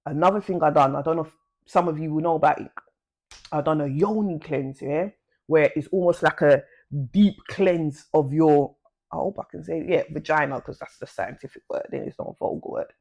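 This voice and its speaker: A woman chats through a personal story for her vlog. She talks loosely and uses plenty of slang. When she plays out bits of conversation, her voice leaps up in pitch. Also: normal speed, darkish tone. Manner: chatty and slangy, swings pitch to act out quoted talk. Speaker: vlogger. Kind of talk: casual storytelling to camera.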